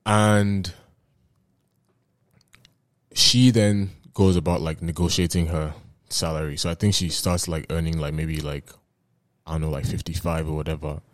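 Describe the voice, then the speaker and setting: A man's voice: rumbling low, steady tone, a little slow, pauses often, no echo. A man hosting a casual podcast, laid-back, swearing freely and using slang. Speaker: podcast host. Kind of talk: casual chat.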